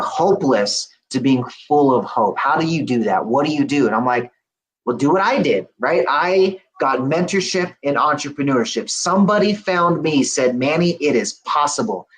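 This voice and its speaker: A man's voice: medium pitch, poor audio. A middle-aged man guest telling an earnest personal story, acting out the lines of the people in it. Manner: earnest and animated, acts out dialogue. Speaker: podcast guest. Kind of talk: storytelling testimony.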